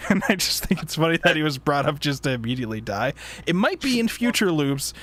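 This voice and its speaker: A man's voice: fairly high pitch, very animated, brisk, fairly bright tone. A man with a slightly raised voice chats casually in a book club discussion. He rambles through fillers and false starts, laughing often as he talks. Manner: rambling, laughing, frequent fillers and self-interruptions. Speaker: podcast host.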